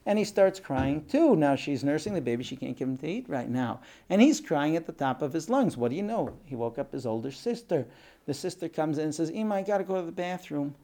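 Mellow-voiced male storyteller. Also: on the high side, fairly quick. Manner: animated storyteller, acts out voices. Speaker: speaker. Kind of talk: storytelling talk.

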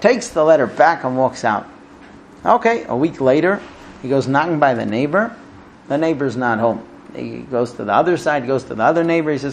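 A man giving a Talmud class, telling stories with vivid, animated intonation and conversational fillers. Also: medium pitch, moderate pace. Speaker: Torah teacher.

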